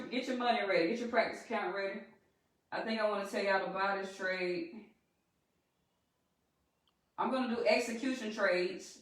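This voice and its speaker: A woman with a Southern US accent teaches a live-streamed trading lesson, calling out to viewers as y'all in a chatty, rallying way. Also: medium pitch. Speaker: trading instructor. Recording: echoey room, distant from the mic.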